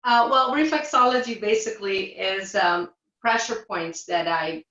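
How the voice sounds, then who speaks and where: A woman's voice: mid-range voice, a little slow. A woman who works as a reflexologist, chatting casually as an interview guest and describing her work with plenty of fillers. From Portugal. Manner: relaxed, many fillers. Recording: roomy, dull sound.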